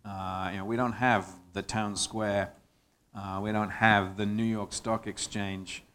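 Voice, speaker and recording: A man speaking as a panelist, halting and filling pauses with fillers. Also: lowish voice, level tone, fairly bright tone. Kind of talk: panel discussion.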